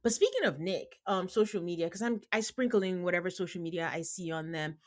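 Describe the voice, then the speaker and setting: A woman with a lowish voice talks fairly quickly as she hosts a podcast recapping a reality show in casual chat. Animated, she mimics the people she quotes in put-on voices and calls her listeners "guys."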